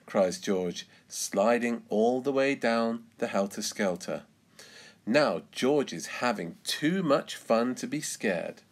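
A man, an English teacher, reading a children's storybook aloud in an expressive, careful way. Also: on the low side, slow pace.

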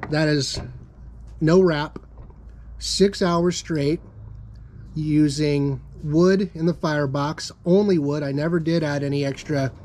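Slow-talking enthusiastic BBQ host, a man. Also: a little high, darkish tone, a little hiss or hum. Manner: enthusiastic, tasting food while talking. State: talking with his mouth full. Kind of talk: casual cooking demonstration.

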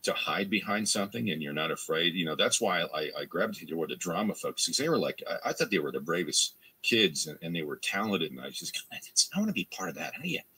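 Deep-voiced man from Canada, bright husky tone, lively pitch, rambling casual interview talk. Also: brisk, hardly any pauses. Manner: rambling, with many restarts and fillers; acts out quoted fans in a higher voice. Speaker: voice actor guest.

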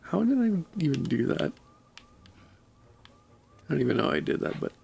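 A man's voice: medium pitch, very animated, moderate pace, creaky, background noise. A man streaming a game and chatting casually, laid-back and joking at his own expense. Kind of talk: casual gaming livestream chat.

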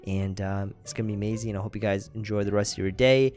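A young man giving excitable gameplay commentary, talking straight to his viewers and yelping when something startles him. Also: on the low side, quick pace, soft background music. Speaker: gaming YouTuber.

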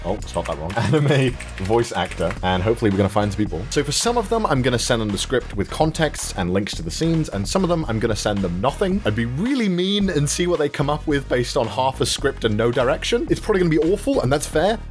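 Lively joking male vlogger. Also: fast, few pauses, soft background music. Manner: animated, jokey, swings pitch for emphasis. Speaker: YouTuber host. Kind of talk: casual comedic vlog narration.

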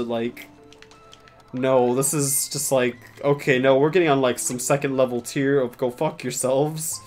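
A man's voice: medium pitch, darkish tone. Young male streamer, casual and sarcastic, swears freely, mock-dramatic, faint music underneath. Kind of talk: casual gameplay commentary.

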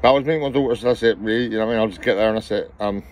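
Man, middle-aged, breathless, quick rambling delivery, swears a lot, vlog to camera. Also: fairly low pitch. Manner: rambling, swears constantly, repeats himself. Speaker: vlogger.

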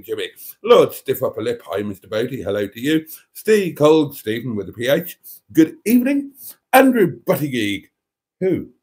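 A man's voice: medium pitch, a little mellow. A man hosting a live stream, reading out viewer comments in a wry, rambling way with many hesitations and chuckles.

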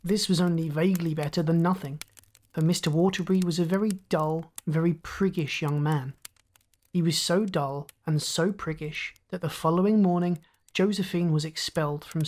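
Calm woman reading a bedtime story. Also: low-pitched. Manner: calm, measured reading with voiced dialogue. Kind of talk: scripted bedtime story narration.

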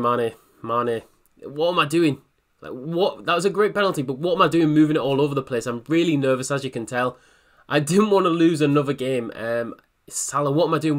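A young man giving a voice-over commentary on his own football video game matches, excitable and quick to criticize himself, with disbelieving outbursts. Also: medium pitch. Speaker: gaming YouTuber.

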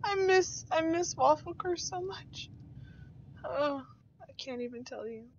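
A woman's voice: high voice, expressive, unhurried, lo-fi sound, slight background noise. A woman streaming a game in rambling, giggly casual chat, swearing freely as she goes. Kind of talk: casual chat while playing.

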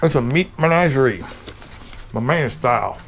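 A man from Pennsylvania hosts a casual home cooking video, showing off smoked meats and tasting them with eager, pleased murmurs. He has a gravelly, mid-range voice with lively intonation, speaks at normal speed, and there's slight background noise.

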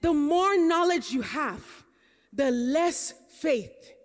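A woman's voice: high voice, animated, slow. A Nigerian American woman pastor preaching a sermon, telling stories that build to emphatic preaching. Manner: storytelling, rising to emphatic preaching. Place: conference hall. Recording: long hall reverb.

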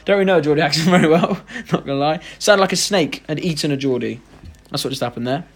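A man's voice: a little high, fast talker, background noise. A young man hosting a casual live stream, reading out viewer comments and joking around. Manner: chatty, reads out viewer comments, jokey.

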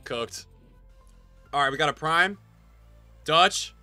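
A man's voice: a little high, lively intonation, takes it slowly, pushed and bright, no echo, faint music behind. A young man streaming a pack opening, hyped and chatty, talking straight to his chat. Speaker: gaming streamer.

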